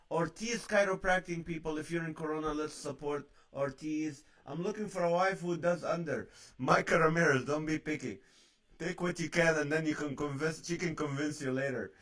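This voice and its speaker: Guy hosting a live stream, kinda high voice, reads out viewer comments and cracks jokes. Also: a bit bright. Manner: joking, reads out comments and greets viewers by name. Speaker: host of a live stream show.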